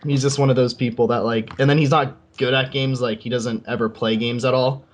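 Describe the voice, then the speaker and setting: A man's voice: medium pitch, fairly even intonation, fairly quick. A young man co-hosting a gaming podcast, venting in a rambling way with lots of "like" fillers. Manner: rambling, heavy use of "like", frustrated venting. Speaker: podcast co-host. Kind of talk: casual gaming chat.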